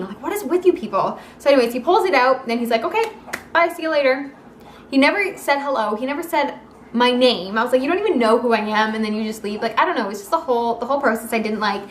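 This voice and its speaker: A young woman telling a personal story in a casual vlog, animated and acting out the quoted lines of the people in it. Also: on the high side, slight background noise. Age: young adult. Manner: animated, acts out quoted dialogue. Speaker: vlogger. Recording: echoey room.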